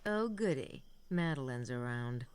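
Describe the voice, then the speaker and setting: A woman's voice: extremely low pitch, expressive, measured pace, darkish tone, clear, resonant tone, no room sound. An actress voicing a sarcastic young woman investigator in a game, with a dry delivery. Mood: wry. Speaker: game character.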